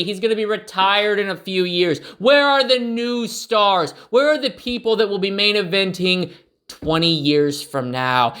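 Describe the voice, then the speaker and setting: A man's voice: high-pitched, a bit bright. A young man delivering a profane, sarcastic rant, exasperated and swearing heavily as he tears into what he just watched. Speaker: wrestling commentator.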